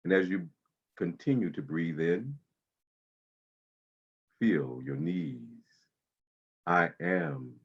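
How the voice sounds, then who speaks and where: A man leading a guided breathing meditation, speaking slowly and soothingly with long pauses. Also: low voice, sing-song, vocal fry, breathy edge, muffled recording.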